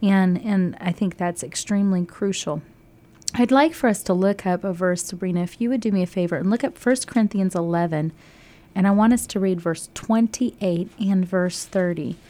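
A woman's voice: medium pitch, moderate pace, warm tone. A woman from Texas co-hosting a Christian radio show, talking earnestly through scripture with frequent restarts. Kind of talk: devotional radio talk.

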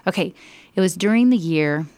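A woman telling a Bible story, expressive, slow and emphatic. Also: fairly low pitch, no room sound.

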